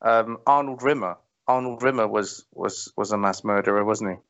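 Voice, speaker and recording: A man co-hosting a podcast over a video call, laid-back and quick with incredulous reactions. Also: lowish voice, a bit bright. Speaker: podcast co-host. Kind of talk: casual chat. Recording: dull video call audio.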